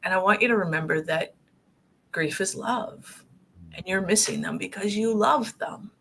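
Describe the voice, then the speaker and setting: A woman talks in an earnest, gentle way, drawing on her own life. Her voice has a gravelly, fry-tinged edge at a middle pitch. Faint noise sits under the recording. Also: normal speed. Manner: gentle, earnest, speaks from personal experience. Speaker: guest speaker on grief. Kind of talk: conversational talk show discussion.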